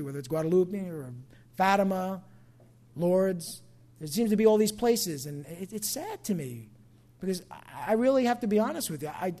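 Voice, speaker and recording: A middle-aged pastor from New Jersey preaching a sermon in a conversational way, dropping to soft asides and rising to loud emphatic bursts. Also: male voice, high-pitched.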